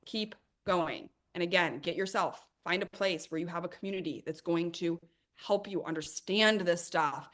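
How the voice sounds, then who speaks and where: A middle-aged woman with a slightly low voice hosts a live money workshop. She talks emphatically and with energy, addressing her viewers directly as she answers their questions. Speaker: host of a money coaching workshop.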